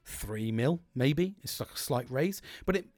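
A man's voice: mid-range voice, lively intonation, unhurried, a little mellow, dry recording, studio quality. A man talking candidly as a livestream host, rambling, swearing heavily and laughing often as he gives motivational chat.

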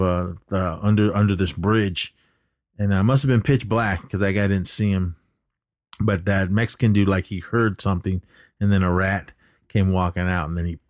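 A man's voice: deep voice, darkish tone, no echo, clean studio sound. A man co-hosting a casual podcast, recapping a movie plot in a rambling way, full of fillers and acted-out lines. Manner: rambling retelling with many fillers, acting out lines. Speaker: podcast co-host.

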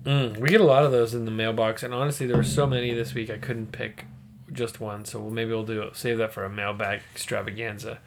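A man with a gravelly, rough-edged voice co-hosting a podcast. He chats loosely over drinks, cracking jokes and breaking into laughter often. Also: lowish voice, little pitch movement, fairly quick, background noise. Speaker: podcast co-host. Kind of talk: casual chat over drinks.

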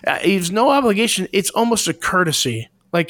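Earnest man, higher voice, dry sound. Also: very animated, fairly quick, few pauses, fairly bright tone, dry recording. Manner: earnest, searching for words with many restarts. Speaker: podcast co-host. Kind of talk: casual podcast discussion.

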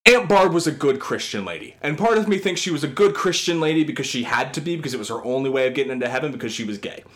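A man's voice: mid-range voice, lively intonation, very fast, fairly bright tone. A man in his thirties co-hosting a podcast, ranting in casual chat with comic exasperation and frequent swearing. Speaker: podcast co-host.

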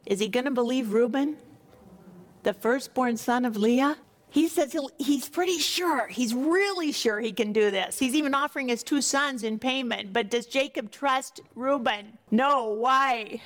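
A woman's voice: high-pitched, a little slow, a bit bright. A woman teaching scripture, reading a passage and commenting on it in a conversational, questioning way, repeating words for emphasis. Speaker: Bible study teacher.

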